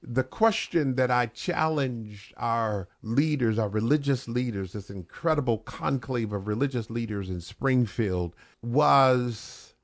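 A man, a pastor guest on a radio program, preaching in a measured, emphatic way that lifts on key phrases. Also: mid-range voice, no echo. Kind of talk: preaching on a radio talk show.

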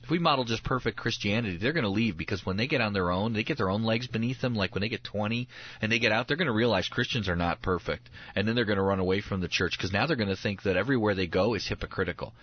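On a radio talk show, a male guest in his thirties who works as a pastor tells his stories earnestly, performing the quotes with lively animation. His voice is low-ish, husky, and quick. The audio has no room sound, and its highs are cut off.

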